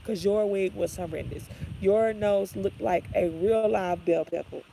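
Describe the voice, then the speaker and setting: Woman vlogger with a heavily gravelly voice delivering a profane, sassy livestream rant. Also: mid-range voice, warm tone, slight background noise, poor audio. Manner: blunt, sassy, trash-talking. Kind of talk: profane ranting livestream talk.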